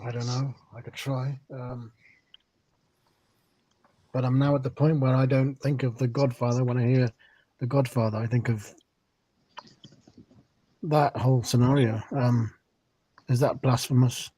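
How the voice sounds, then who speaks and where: A hesitant man chats on a live stream, pausing often with soft ums. His voice is mellow and warm at a middle pitch. The sound is dry and close. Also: level tone, breathy edge, no room sound. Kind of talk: casual chat on a live stream.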